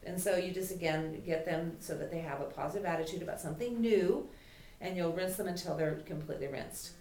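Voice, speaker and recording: Chatty woman dog trainer, lower voice. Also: brisk, dark tone. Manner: chatty, voices the dog's thoughts. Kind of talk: puppy class lecture. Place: classroom. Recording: echoey room from far off, faint noise.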